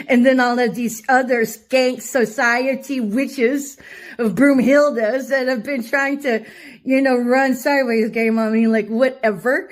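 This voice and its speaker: A woman's voice: sits high, fairly even intonation, unhurried. A woman telling a rambling story in a casual vlog, laughing often and swearing freely. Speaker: vlogger. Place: her cousin's home.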